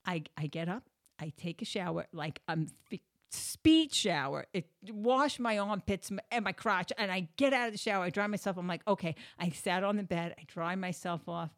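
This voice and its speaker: A middle-aged woman, a yoga therapist, telling a personal story casually and acting out the dialogue with sudden loud bursts. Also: fairly low pitch, moderate pace. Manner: animated, acts out dialogue with big swings in loudness.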